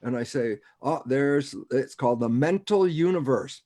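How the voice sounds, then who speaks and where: A man of average pitch explains ideas in an easy, conversational way over a video call. He keeps posing rhetorical questions to himself and chuckles often as he talks. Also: measured pace, warm tone. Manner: rhetorical, keeps asking himself "why is that relevant?". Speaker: guest speaker.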